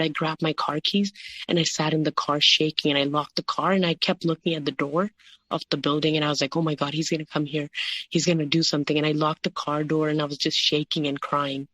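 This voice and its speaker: Halting woman telling a painful story. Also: deep voice, fairly even intonation, fairly bright tone, no echo. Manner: halting, heavy use of "like" and "you know". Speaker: guest. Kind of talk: personal story in an interview.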